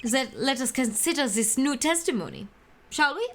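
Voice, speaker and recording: A woman's voice: sits high, very animated, normal speed, a bit bright, a little hiss or hum, exaggerated voice. A woman voicing a pompous young male college student witness who boasts in a haughty, theatrical way. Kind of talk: reading a game's dialogue aloud on a live stream.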